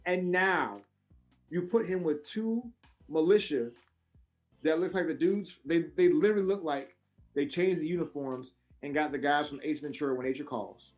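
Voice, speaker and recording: A man on a casual wrestling podcast, ranting with plenty of swearing and an animated delivery. His voice sits a bit high for a man. He swings from loud, high outbursts down to low mutters. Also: moderate pace, soft background music. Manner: animated, profane ranting with big pitch swings. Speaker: podcast co-host.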